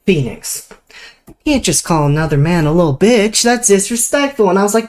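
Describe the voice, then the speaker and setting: A young woman streamer telling a work story in casual chat, animated, swearing casually and breaking into laughter. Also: fairly high pitch, slow, pauses often.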